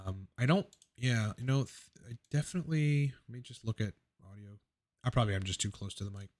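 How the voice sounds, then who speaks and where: A man's voice: medium pitch, quick pace, darkish tone. A man with a South Jersey accent hosting a casual live question-and-answer stream, talking technically and rambling with restarts and fillers close to his mic. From South Jersey, USA. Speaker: livestream host answering viewer questions. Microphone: close desk mic on a livestream.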